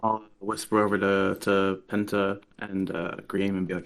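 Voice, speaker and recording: A man playing in a tabletop game, explaining his character's actions in a quick, rambling way. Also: low voice, flat delivery. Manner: quick, rambling with filler words. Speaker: player. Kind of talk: casual chat at a gaming table.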